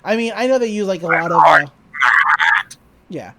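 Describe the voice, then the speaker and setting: A man's voice: high voice, normal speed, heavy background noise. A man co-hosting a podcast, casually recapping a cartoon episode and retelling scenes with a lot of energy. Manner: animated retelling, quotes characters in put-on voices, laughs often. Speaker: podcast co-host.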